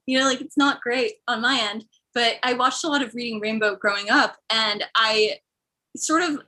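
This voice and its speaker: Woman comedian, young adult, from the Midwest, bright voice, rambling self-deprecating stand-up. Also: fairly high pitch, low-quality recording. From American Midwest.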